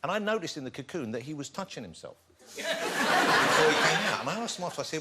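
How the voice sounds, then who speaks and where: A man's voice: a little high, lively intonation, fast talker, very noisy. A man hosting a chat show, asking teasing questions and laughing often. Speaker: talk show host. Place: TV studio with live audience. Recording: studio audience laughter.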